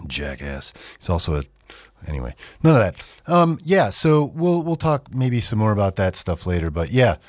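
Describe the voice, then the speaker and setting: On his radio show, a middle-aged man reads texts aloud in an exaggerated, mocking way, his commentary sardonic throughout. His voice is on the low side and sing-song, at a moderate pace, with studio-quality sound and no room noise.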